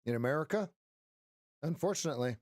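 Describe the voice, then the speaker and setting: A man's voice: a little high, expressive, quick pace, darkish tone, no echo, clean studio sound. A middle-aged man hosting a casual live trading stream as a coach, rambling and joking with frequent restarts and "right?" tags.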